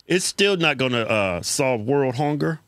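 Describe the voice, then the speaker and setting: A man co-hosting a reaction show, crude and teasing, breaking into high laughs. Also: lively intonation, measured pace, a bit bright, no echo, studio quality. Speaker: co-host reacting to clips. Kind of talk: casual commentary chat.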